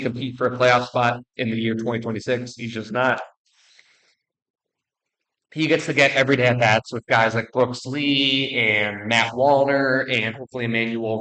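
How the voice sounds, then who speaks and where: A young man in the middle of the male pitch range talks through his player rankings casually. He is blunt and jokey, rambles, restarts his sentences and tosses in quick apologies. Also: a bit bright, rough recording. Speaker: baseball video creator.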